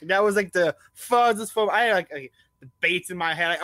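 A man hosting a podcast and chatting casually, with a slightly high voice. His stories ramble and are full of swearing. The sound is dry and close, with no room echo. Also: moderate pace, pushed and bright. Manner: loose, profane storytelling. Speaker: podcast host. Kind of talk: casual chat.

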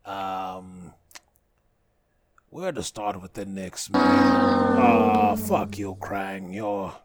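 A man's voice: deep voice, animated, extremely slow, very noisy. A man hosting a comedic podcast in a joking, profane tone, boasting in a mock-villain persona. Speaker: podcast host.

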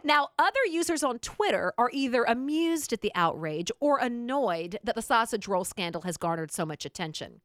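A woman with a Southern American accent co-hosting a radio talk show, reading news stories aloud in a teasing, animated way. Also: a little high, normal speed, hardly any pauses, no room sound, clean studio sound. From Southern United States.

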